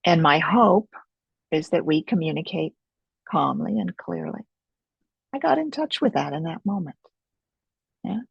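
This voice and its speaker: Gravelly, soft-spoken woman teacher. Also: low voice, sing-song, no echo, lo-fi sound. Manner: gentle, reflective, unhurried with pauses. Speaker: Focusing teacher. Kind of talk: experiential teaching webinar.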